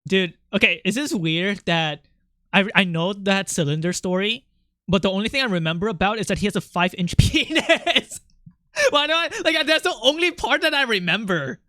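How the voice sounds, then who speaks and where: A young man chats to his viewers while he draws on stream, wandering from story to story with plenty of laughs. His voice sits high and bright. The sound is close and dry, with no room around it. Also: no room sound. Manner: rambling, animated, quick to laugh, chatting with viewers. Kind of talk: casual livestream chat while drawing.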